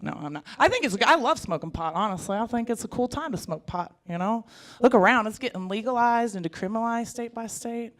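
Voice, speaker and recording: A woman in her thirties performing a stand-up comedy set, animated and jokey, jumping into put-on voices. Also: fairly high pitch, a little fast. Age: 30s. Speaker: stand-up comic.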